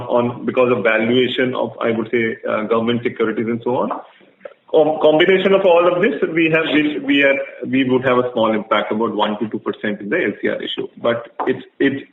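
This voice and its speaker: Brief: man, finance executive, steady explanations, roomy echo, phone-thin audio. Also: mid-range voice, a little hiss or hum. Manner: measured, explanatory. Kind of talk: earnings call answers. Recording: echoey room over a phone line.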